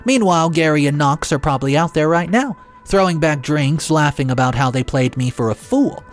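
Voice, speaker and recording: A man narrating a dramatic first-person story in a sarcastic, exasperated and animated way. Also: on the high side, brisk, faint music behind.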